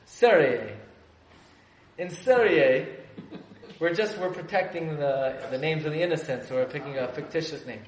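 A man telling a story to a class, lively and joking with his listeners in a room with an audience. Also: fairly high pitch, fairly quick, few pauses. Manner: animated, joking asides with the audience. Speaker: religious teacher. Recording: echoey room, faint background noise.

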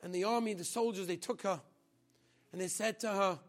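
Fervent high-voiced man telling a story. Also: steady tone, brisk. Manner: dramatic, acts out voices, swings from loud to hushed. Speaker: teacher on a school trip. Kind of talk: emotional storytelling sermon. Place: outdoors at a memorial site.

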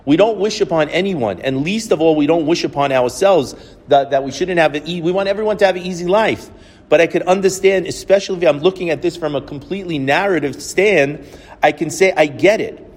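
A man's voice: fairly high pitch, brisk, breathy edge, in a large hall. A male rabbi giving a reflective, storytelling sermon. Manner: storytelling, reflective, quotes others at length.

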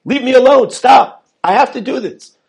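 A man's voice: a little high, big pitch swings, normal speed, gravelly, darkish tone, slightly rough, heavily acted. A man voicing a stern father in a parable, firm and insistent. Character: stern father explaining himself, middle-aged man.

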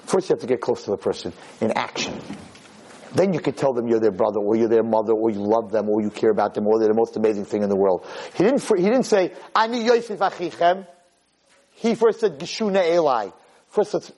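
A man giving a lively Torah lecture, who acts out scenes of shouting parents to make his points. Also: fast, husky, rough recording. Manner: animated, acts out shouting parents in high pitch. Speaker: Torah teacher.

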